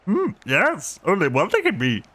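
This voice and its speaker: A man's voice: sits high, wildly swooping pitch, normal speed, sharp tone, no echo, pitched above the performer's own voice, full character voice. A man putting on goofy, exaggerated cartoon-character voices in a sing-song impression manner. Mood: silly. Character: goofy high-pitched cartoon-style character voices, loud and hammy.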